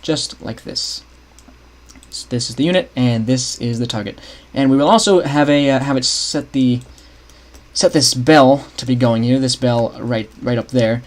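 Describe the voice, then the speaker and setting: Medium in pitch and normal in speed, this young man's voice comes from a livestream where he's building a game map. He casually talks through his scripting, thinking out loud, often restarting and chatting with viewers.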